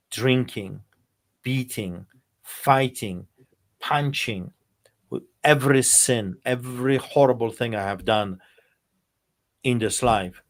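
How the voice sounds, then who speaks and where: Man telling an emotional personal testimony. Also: medium pitch. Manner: emotional storytelling, speaking to his son. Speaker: pastor.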